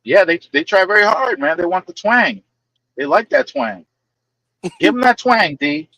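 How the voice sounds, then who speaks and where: A man's voice: sits high, normal speed, vocal fry, dry recording, poor audio. A man chatting casually on a livestream, telling stories in an emphatic, teasing way. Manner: animated storyteller, emphatic and teasing. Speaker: livestream co-host. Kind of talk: casual chat.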